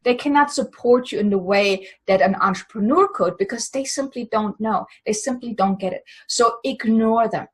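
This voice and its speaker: A woman's voice: a little high, moderate pace, few pauses, husky. A woman coach giving motivational business advice in an earnest, emphatic, encouraging way. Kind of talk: motivational advice talk to camera.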